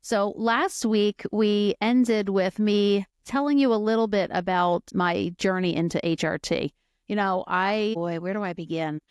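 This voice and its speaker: A woman's voice: mid-range voice, unhurried, a little mellow, smooth, dry recording, clean studio sound. A middle-aged woman hosting a podcast, telling her personal story in a candid, chatty way full of fillers and asides. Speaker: podcast host.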